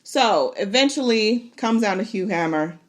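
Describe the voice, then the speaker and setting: A woman hosting a podcast, recapping an episode in a casual, animated way, laughing and exclaiming as she goes. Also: medium pitch, unhurried. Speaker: podcast host.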